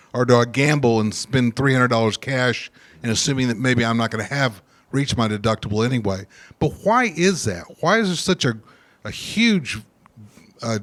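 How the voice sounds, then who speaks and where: A man's voice: medium pitch, a bit bright. Male audience member, curious and tentative questioner. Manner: curious, hesitant.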